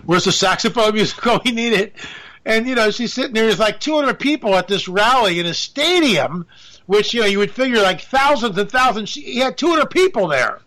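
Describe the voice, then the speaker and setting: High, bright-voiced sarcastic male commentator. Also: a little fast. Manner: animated, sarcastic, joking asides. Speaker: political commentator. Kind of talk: casual political monologue.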